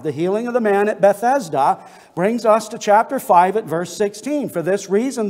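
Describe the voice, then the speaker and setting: A man with a notably high voice preaches an expository sermon with earnest conviction. His words ring out with a long reverberant tail, as in a church sanctuary. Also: a little mellow. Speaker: pastor.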